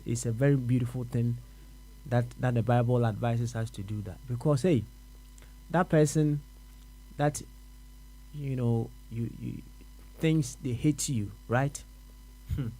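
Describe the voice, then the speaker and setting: A man with a Ghanaian accent talks his way through a radio show in an ordinary middle-range voice. He muses aloud, circles back over his own words and nods himself along with soft uh-huhs. A low electrical hum sits under the recording. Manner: musing, repeats words, answers himself with uh-huh. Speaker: radio host. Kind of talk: reflective radio talk.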